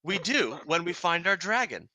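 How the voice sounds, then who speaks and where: A woman's voice: lowish voice, big pitch swings, normal speed, bright, forceful tone, no room sound, pitched above the performer's own voice. A man voicing a haughty female kobold queen with a regal, commanding manner.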